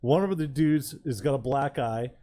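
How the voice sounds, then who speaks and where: A man on a casual podcast, telling a story and chiming in with quick, laid-back asides. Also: medium pitch, mellow. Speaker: podcast co-host. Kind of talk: casual chat.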